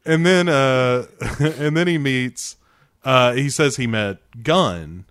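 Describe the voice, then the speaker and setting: A man's voice: mid-range voice, slow, fairly bright tone, clean tone, no echo, studio quality. A man casually recapping a TV episode with a co-host, animatedly acting out lines, swearing and laughing. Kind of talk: casual chat.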